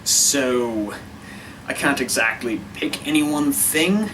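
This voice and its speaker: A man's voice: medium pitch, slow, recorded from a distance, noisy background. A man talking casually to camera in a vlog, giving his opinions in a wry, rambling way and often interrupting himself. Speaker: vlogger.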